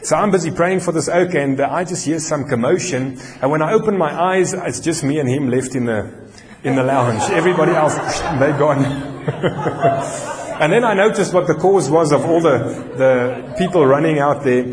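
Man, South African accent, pastor, sermon, animated storytelling, emphatic pauses, slightly high voice, long hall reverb. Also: crowd noise.

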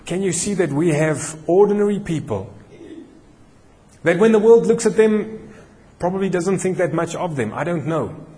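Man, South African accent, pastor, sermon, animated storytelling, emphatic pauses, slightly high voice, long hall reverb.

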